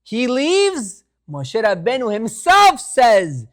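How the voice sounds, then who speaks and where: Rabbi, male, fervent Torah class, shifts from soft pleading to forceful exhortation. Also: very high voice, huge pitch swings, slow pace. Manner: impassioned, pleading, rising to exhortation; mixes Hebrew phrases into English.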